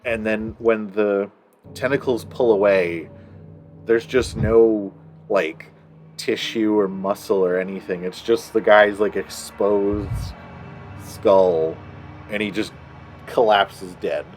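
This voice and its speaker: A man narrating as game master of a tabletop game, relaxed and laughing, drawing his descriptions out. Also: lowish voice, slow pace, soft background music.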